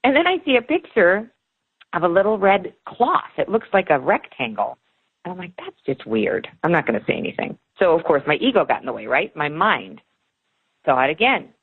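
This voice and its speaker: A woman in her forties, a book author, telling personal stories in an animated way in a podcast interview. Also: on the low side, normal speed, husky. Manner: animated storyteller, acts out dialogue. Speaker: author guest. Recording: tinny phone line.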